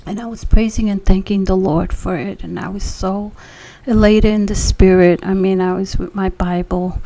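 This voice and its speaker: A woman sharing a personal faith testimony, telling her story with emotion and often dropping into a breathy whisper. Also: medium pitch, fairly even intonation, normal speed, warm tone.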